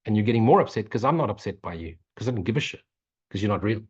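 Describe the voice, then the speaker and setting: Husky blunt spiritual teacher, man. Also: fairly low pitch, lively intonation, rapid-fire, highs cut off. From Africa. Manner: blunt, swearing, mocking; repetitive, preachy. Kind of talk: non-dual Q&A talk.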